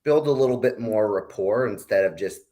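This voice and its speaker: A man's voice: lowish voice, normal speed, dark tone, slight background noise. A man guest on a panel, easygoing and thinking aloud with restarts. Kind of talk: casual panel talk.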